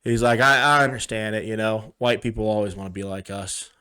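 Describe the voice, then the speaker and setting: A man's voice: fairly low pitch, brisk, pushed and bright, smooth. Rambling, swearing young man telling stories. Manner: rambling, swears a lot, acts out quotes. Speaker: podcast co-host. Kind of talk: casual storytelling chat.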